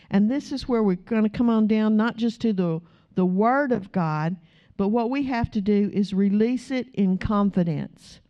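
A woman's voice: on the high side, highs cut off. A woman pastor preaching a sermon, telling stories and acting out the people in them. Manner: animated storytelling, acting out quotes.

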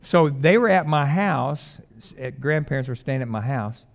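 A middle-aged male pastor preaching a conversational sermon, mixing loud emphatic lines with quiet, jokey personal stories. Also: medium pitch, animated, normal speed, gravelly, narrow, tinny audio.

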